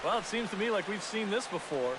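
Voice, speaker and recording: A man with a fairly high voice giving color commentary in a baseball video game. He offers relaxed, folksy analysis between pitches. Clear noise sits behind him. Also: a little fast.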